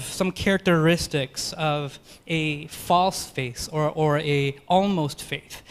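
A man preaching a sermon, earnest and rhetorical, moving between quick runs and slow, emphatic phrases. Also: sits high, fairly bright tone.

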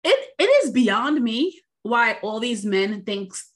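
A woman's voice: fairly high pitch, slow, fairly bright tone. A woman from New York co-hosting a podcast, ranting in casual, profane chat. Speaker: podcast co-host.

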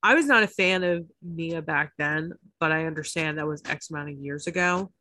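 Low-voiced woman podcast co-host. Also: normal speed, no echo. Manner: chatty, swears freely, animated asides. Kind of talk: casual chat about reality TV.

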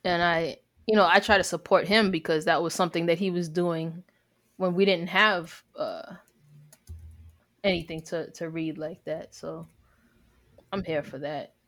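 A woman's voice: fairly low pitch, fairly even intonation, a bit bright. A woman co-hosting a casual chat, speaking frankly and reflectively. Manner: frank, reflective, quick to agree.

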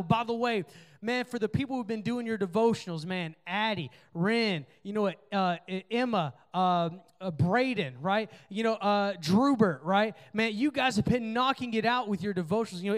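A young man with a high-pitched voice delivers a youth sermon. He talks earnestly and casually, filling his speech with asides and restarts as he addresses the students directly. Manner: earnest, conversational preaching with many fillers. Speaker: youth pastor.

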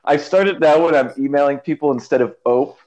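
A man's voice: fairly high pitch, brisk, darkish tone. A man from the Midwest hosting a podcast in casual chat, chatty and laughing often. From American Midwest. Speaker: podcast host. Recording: slightly dull lo-fi sound.

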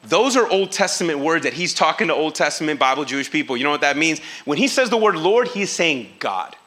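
A man preaching a sermon in a lively, casual way, acting out quoted voices and using slang. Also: a little high, fairly quick.

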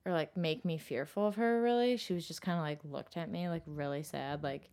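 A young woman telling her own story in casual chat, filling nearly every phrase with "like" and swinging between loud and hushed. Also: sits low, fairly quick, a little hiss or hum.

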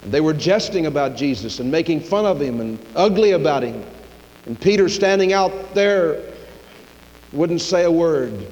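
A man preaching a sermon, retelling the story dramatically, dropping low and quiet, then rising loud. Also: expressive, moderate pace, dull audio. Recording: long reverb of a large hall.

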